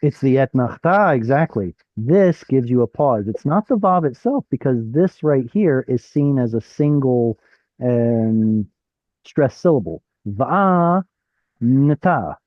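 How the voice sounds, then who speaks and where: A man leads an online class over a video call, working through a text aloud and putting questions to his students. His voice sits at an ordinary pitch, and the call audio is dull and dry. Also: lively intonation, unhurried, no room sound. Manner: explains while thinking aloud, asks the class questions. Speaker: Hebrew teacher. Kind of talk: live online class teaching.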